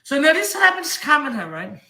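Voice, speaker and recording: Trinidadian male streamer, rambling defensive rant, piercing bright tone, roomy echo. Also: very high voice, sing-song, fairly quick. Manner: rambling, repetitive, heated. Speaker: comic book seller and streamer.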